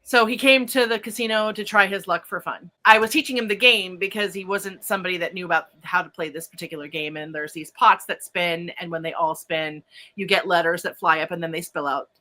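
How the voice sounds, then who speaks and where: A woman hosting a podcast as a psychic medium, telling a story in casual chat with animated excitement and spiritual vocabulary. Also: on the low side, brisk.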